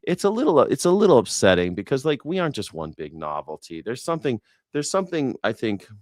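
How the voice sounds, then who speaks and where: A man's voice: mid-range voice, sing-song, fast talker, no room sound, clean studio sound. A man hosting a casual news reaction talk, rambling and sarcastic with profanity and frequent restarts. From United States. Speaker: independent news and culture commentator.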